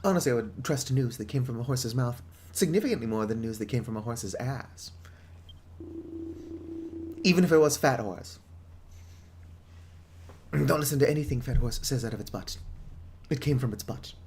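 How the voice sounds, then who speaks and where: A man's voice: medium pitch, lively intonation, brisk, long pauses, background noise. A man giving casual gameplay commentary with joking, wry asides. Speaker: gaming video host.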